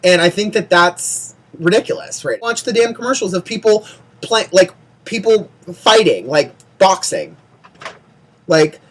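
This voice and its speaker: A casual vlogger talking through a show recap at an ordinary middle pitch. The delivery swings between gushing praise and exasperated ranting, with lots of "like" and rapid repeated words. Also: animated. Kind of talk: casual chatty recap monologue.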